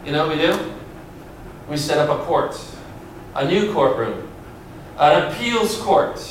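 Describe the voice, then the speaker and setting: Pastor, male, high voice, emphatic preaching with dramatic pauses, heard at a distance in a church. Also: animated. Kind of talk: sermon. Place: church sanctuary. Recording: roomy church sound from afar, faint hiss.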